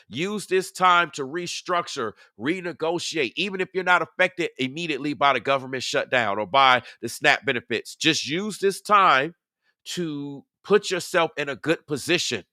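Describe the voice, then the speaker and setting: A man's voice: on the high side, pushed and bright, no room sound, studio quality. A man hosting a live stream in a casual, emphatic way, repeating his points and talking back to his chat.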